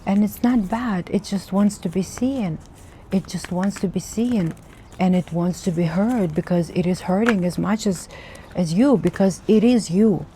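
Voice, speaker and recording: A woman's voice: mid-range voice, dark tone, a little hiss or hum. A woman giving an earnest, emotional spiritual message as a tarot reader, repeating herself for emphasis. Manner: slow, earnest, repetitive, emotional.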